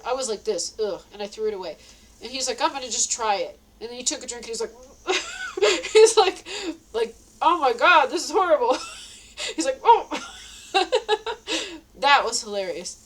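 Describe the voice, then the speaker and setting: A woman's voice: on the high side, poor audio. A tired woman telling a story in a casual monologue, laughing often and repeating herself.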